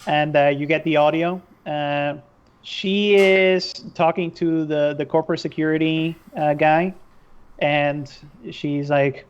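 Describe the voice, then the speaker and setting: A man's voice: fairly high pitch, fairly even intonation, takes it slowly, clean tone. A man narrating a tabletop game as game master, hesitant with many fillers. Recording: dull lo-fi stream audio.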